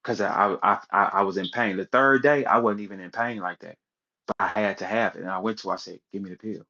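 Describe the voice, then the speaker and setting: This online audio room speaker is a man with a fairly low voice who talks fast. He rants casually and heatedly, full of profanity, spinning animated stories and mimicking other people. The recording is a dull lo-fi stream.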